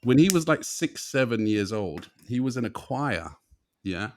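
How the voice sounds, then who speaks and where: A man's voice: medium pitch, big pitch swings, a little slow. A young man co-hosting a podcast, chatting casually, swearing often and rambling through stories. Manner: swearing, laughing, rambling storytelling. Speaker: podcast co-host. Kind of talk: casual chat.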